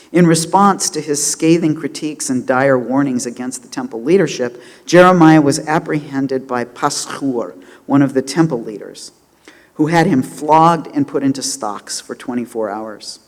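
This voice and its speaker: A man giving a sermon, impassioned and dramatic, swinging between loud declarations and hushed moments. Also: a little high, big-room sound. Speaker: rabbi giving a holiday sermon.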